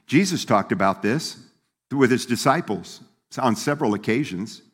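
A pastor with a mid-range, slightly rough voice preaches at moderate speed, his intonation lively. He keeps things folksy and conversational, breaking into laughter and acting out the voices he quotes. Long reverb fills the hall.

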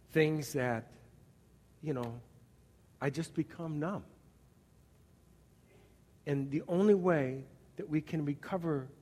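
A man preaching a sermon as pastor, animated, acting out little scenes and swinging from loud bursts to quiet asides. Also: medium pitch. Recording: long reverb of a large hall.

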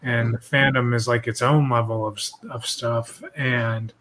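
A man hosts a podcast in loose, casual chat. He rambles and swears freely, his voice sitting in an ordinary middle pitch. A faint hiss runs under the recording. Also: level tone, unhurried, fairly bright tone. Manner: rambling, profane, loose storytelling. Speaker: podcast host.

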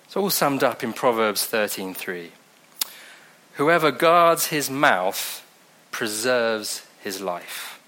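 A man preaching a sermon in a conversational way, with wry asides and slow scripture reading. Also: medium pitch, expressive, pushed and bright.

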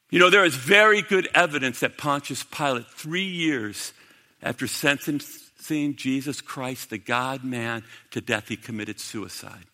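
A man preaching a sermon to a congregation, dramatic, swinging from loud to hushed. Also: mid-range voice, animated, moderate pace. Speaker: pastor. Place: church sanctuary. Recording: long hall reverb.

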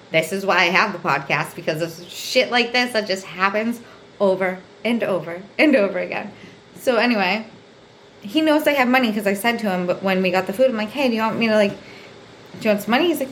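A young woman hosting her own podcast, telling a story in a casual, animated way, swearing freely, filling her talk with "like" and acting out the people she quotes. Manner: animated, acts out quotes with big pitch jumps; swears freely, says "like" constantly. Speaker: podcast host. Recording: faint background noise.

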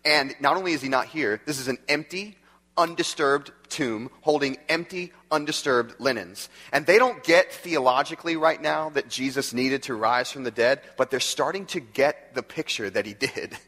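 Animated, conversational male pastor preaching. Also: mid-range voice, normal speed, big-room sound. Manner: conversational, animated, laughs often. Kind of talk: sermon.

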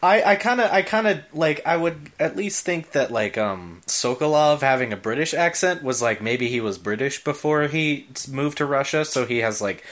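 A man's voice: on the high side, lively intonation, normal speed, few pauses, fairly bright tone. A man co-hosting a casual video game podcast, chatty and often groping for words. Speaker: podcast co-host.

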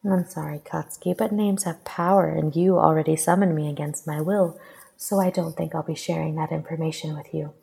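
A woman voicing a soft crooning goddess. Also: lowish voice, a little fast, creaky, husky. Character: soft, teasing female goddess, a celestial being.

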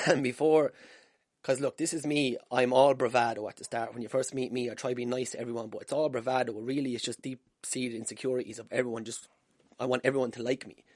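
A man's voice: mid-range voice, fairly even intonation, fast talker, a little mellow, no room sound. An Irish man hosting a casual solo podcast from home, telling stories with swearing and self-deprecating humour. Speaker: podcast host. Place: room at home. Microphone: wired podcast mic.

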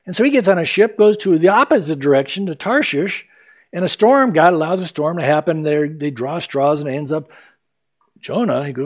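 A man preaching with a high, bright voice that swings widely up and down. He tells Bible stories with animated delivery, acting out what each figure says. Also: moderate pace. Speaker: pastor. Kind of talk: sermon.

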